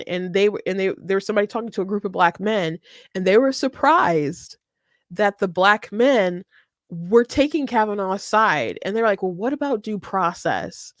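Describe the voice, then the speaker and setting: A woman's voice: mid-range voice, dry recording. Chatty woman commentator, dry sound. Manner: chatty, laughs often, many fillers and restarts; scornful, sarcastic. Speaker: political commentary host. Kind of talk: casual political commentary.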